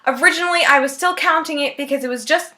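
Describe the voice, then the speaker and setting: A woman's voice: high-pitched, quick pace, pushed and bright. A young woman vlogging about books from her bedroom, upbeat and chatty. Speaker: book vlogger. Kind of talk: casual vlog talk.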